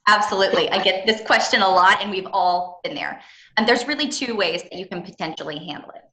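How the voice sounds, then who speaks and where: A woman's voice: medium pitch, fairly quick, sharp tone, roomy sound, rough recording. A woman presenting a business etiquette seminar, chatty and engaging with frequent fillers.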